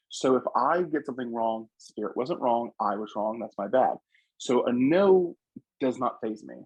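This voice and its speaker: A man's voice: mid-range voice, husky, dry recording, poor audio. A man who works as a psychic medium, telling stories from his readings in an earnest, casual interview manner. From Louisiana. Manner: earnest storytelling, animated quoting of others.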